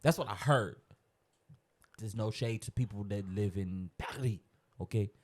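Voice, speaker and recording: A relaxed male podcast co-host with a slightly low voice. He jokes easily and talks with playful confidence in loose, casual chat. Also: normal speed. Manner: joking, laid-back, playfully confident.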